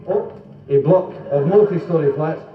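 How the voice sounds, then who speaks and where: A Scottish man telling quick jokes in a live stand-up set, slipping into comic voices and asides. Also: a little high. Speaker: stand-up comedian and singer. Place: club function room before a live audience. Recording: 1970s live club recording, roomy, dull, from far off.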